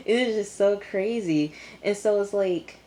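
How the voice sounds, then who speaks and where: A woman's voice: mid-range voice, slow pace, warm tone. A woman giving a casual recap of a TV episode, exclaiming and talking straight to her viewers. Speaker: TV episode reviewer.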